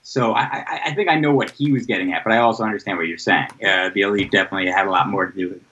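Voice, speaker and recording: A man's voice: low-pitched, very fast, pushed and bright. A man hosting a casual wrestling podcast, often restarting his sentences and teasing his co-host. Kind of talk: casual chat. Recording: dull lo-fi recording.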